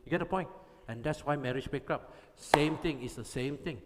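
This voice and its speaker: A pastor preaches in emphatic, repetitive bursts, constantly checking that his listeners follow. His voice sits fairly high for a man. The long reverb of a big hall trails after every phrase. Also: moderate pace, very noisy. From Malaysia. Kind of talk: sermon to youth.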